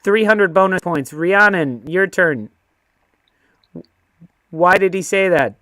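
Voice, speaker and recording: Male quiz host, high voice, playful and fast with the rules, dry close mic. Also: bright, forceful tone, dry recording. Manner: jokey, reads out questions and rules quickly. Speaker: trivia host. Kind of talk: casual quiz hosting on a video call.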